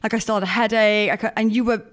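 A woman's voice: medium pitch, steady tone. A young woman co-hosting a podcast, chatting upbeat and enthusiastic about her week. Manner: upbeat, enthusiastic, quick asides. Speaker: podcast co-host. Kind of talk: casual chat.

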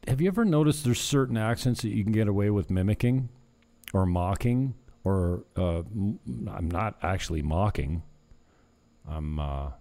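Speaking in a deep, warm voice, a man talks casually to camera for his viewers. His vlog meanders, and he often stops mid-thought to chuckle at his own asides.

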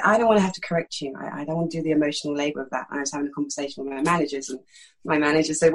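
A middle-aged actress from East London with a slight lisp, telling frank, animated stories in a candid interview. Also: female voice, deep voice, racing, husky, low-quality recording. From East London, England. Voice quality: slight lisp that sometimes creeps in. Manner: frank, animated storytelling with many fillers.

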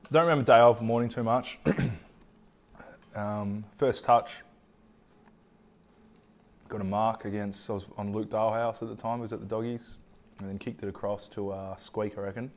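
A young Australian man, a former footballer, telling stories in a relaxed, rambling way as a podcast guest. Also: on the low side, moderate pace, long pauses. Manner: laid-back, rambling, restarts phrases. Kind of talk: casual chat.

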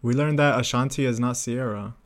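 A man's voice: medium pitch, a little fast. A man co-hosting a podcast in casual chat, anxious and self-deprecating, often laughing. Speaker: podcast co-host.

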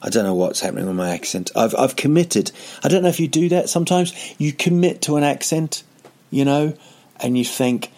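A man's voice: mid-range voice, lively intonation, brisk, darkish tone. A male comedian telling a long, rambling story casually, full of digressions and self-mocking asides.

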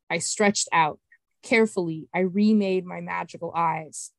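A woman's voice: fairly low pitch, fairly even intonation, a little slow, vocal fry, no echo. Woman reading her fantasy novel aloud. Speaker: podcast host and author reading her novel.

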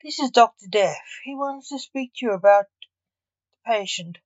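A woman's voice: on the high side, expressive, a little slow, dry recording, highs cut off, voice pushed up. A woman voicing a curt, businesslike male hospital orderly in a storybook reading.

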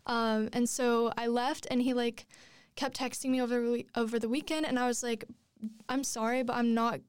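A young woman in her twenties tells a personal story in loose, rambling chat, full of fillers and restarts. Her voice sits a little high and comes through smooth and clear. The recording is dry and close. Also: steady tone, moderate pace, no room sound. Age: 20s. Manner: rambling, many likes and restarts. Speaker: guest telling a personal story.

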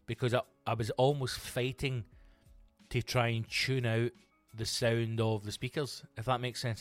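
A Scottish man, a comedian, chatting on his own podcast in a rambling, sweary way with lots of restarts. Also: medium pitch. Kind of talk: casual solo podcast chat.

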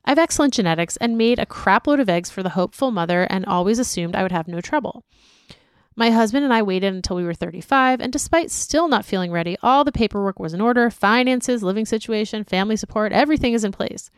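A woman's voice: medium pitch, quick pace, clean tone, no echo, studio quality. A woman co-hosting a casual podcast, reading listener emails aloud with chatty asides. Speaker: podcast co-host.

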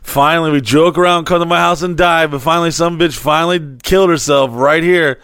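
Gravelly man telling a profane story. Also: a little high, brisk, no room sound, clean studio sound. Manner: animated, swearing freely, acting out quotes. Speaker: podcast host telling a story.

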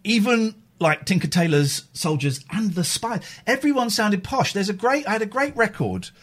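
A man hosts a radio phone-in and teases his callers in quick-witted, playful banter. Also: high-pitched, animated, a bit bright.

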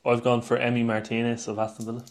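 A man's voice: medium pitch, completely flat delivery. A man co-hosting a football podcast, chatting casually and running through match results with dry asides. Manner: banter, quick rundown of results. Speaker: podcast co-host.

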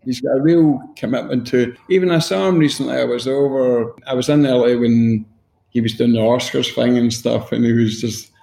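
Gravelly Glaswegian man, blunt and sweary. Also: medium pitch, steady tone, normal speed, warm tone, reverberant. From Scotland. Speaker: guest. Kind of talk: casual interview chat.

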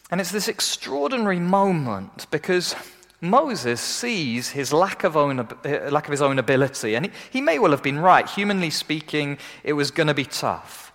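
A man preaching a sermon, animated, often acting out the people he quotes in a lifted voice. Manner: animated, acts out quoted voices in a raised pitch. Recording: long hall reverb.

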